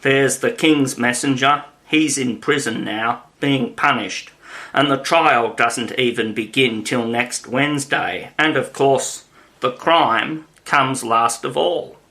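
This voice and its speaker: Guy putting on a dotty old queen, squeaky shrieks, bright, slow. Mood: airy. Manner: shrieking, vague. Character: flustered scatterbrained elderly White Queen. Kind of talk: audiobook reading.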